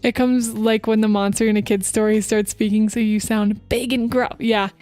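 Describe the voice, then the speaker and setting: A young woman streaming as a VTuber, talking fast and chatty to her chat while giving voice tips. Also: mid-range voice, flat delivery, warm tone, faint music behind. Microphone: close desk microphone.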